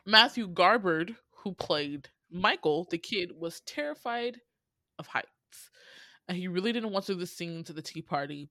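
A woman's voice: on the low side, fairly bright tone, dry recording. A young woman hosting a casual chat, reading out film trivia with sassy asides and frequent ums. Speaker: podcast host.

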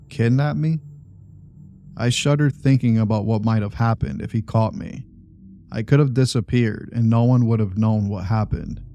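A man narrates a first-person tale with a low, dark, mellow voice. His reading stays steady and measured from line to line, with a faint hiss underneath. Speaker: horror story narrator.

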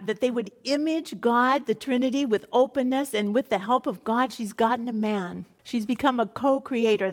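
Middle-aged woman teaching scripture, slightly high voice. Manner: conversational, mixing scripture reading with personal stories. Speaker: Bible study teacher.

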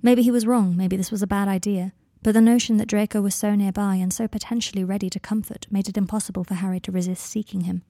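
A woman narrating a fan fiction audiobook in a measured, even storytelling manner. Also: mid-range voice, no room sound, studio quality.

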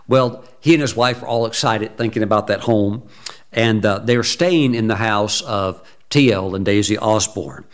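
A male preacher telling a story in a sermon, slowing down and leaning into the quoted lines. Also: lowish voice. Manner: slow, deliberate retelling with acted quotes.

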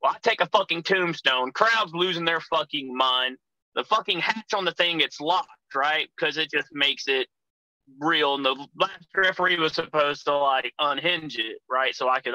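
A man, a wrestler guest telling profane, animated stories and acting out his own shouting. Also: fairly high pitch, normal speed, no echo, low-quality recording. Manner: profane, animated storyteller, acts out shouting in quotes. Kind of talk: casual storytelling chat.

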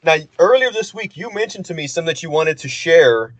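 A man co-hosting a podcast, talking in an easygoing, relaxed way with many fillers like "uh" and "you know". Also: fairly high pitch, fairly quick, no echo. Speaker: podcast co-host. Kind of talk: casual chat.

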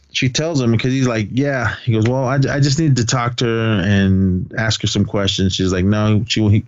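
A man's voice: lowish voice, no room sound. A man co-hosting a podcast, casually retelling a movie's plot and quoting its lines with a laugh now and then. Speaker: podcast co-host. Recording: dull lo-fi podcast audio.

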